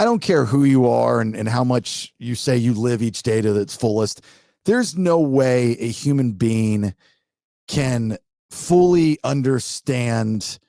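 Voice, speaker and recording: A man's voice: medium pitch, slow, gravelly, no echo, studio quality. A middle-aged man co-hosting a podcast, telling a story in casual chat and acting out what people said. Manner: animated storyteller who acts out what people said. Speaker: podcast co-host.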